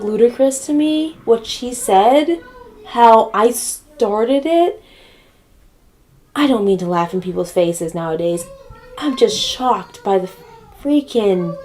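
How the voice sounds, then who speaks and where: A woman telling a funny story straight to camera, with a middle-pitched voice. She talks bluntly and sassily and swears freely as she goes. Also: lively intonation, takes it slowly, dark tone. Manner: sassy, blunt, profane. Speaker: comedic storyteller.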